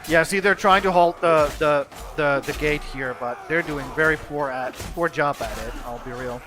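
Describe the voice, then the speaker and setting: A man's voice: a little high, normal speed. Young man casually narrating gameplay. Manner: laid-back, swears casually, trails off and restarts. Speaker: gaming channel host. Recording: steady background noise.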